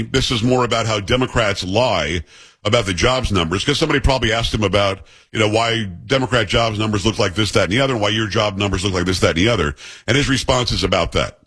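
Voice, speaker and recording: Blunt man with a husky voice. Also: lowish voice, quick pace, a bit bright. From New York. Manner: blunt, sarcastic, conversational. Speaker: host. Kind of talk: political commentary.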